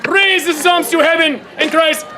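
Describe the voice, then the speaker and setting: A man narrating a silly comic play at a renaissance fair, shouting, giggling and bossing volunteers around on an outdoor stage. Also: very high voice, fairly even intonation, normal speed. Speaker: comic storyteller leading audience volunteers. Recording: noisy fair crowd around.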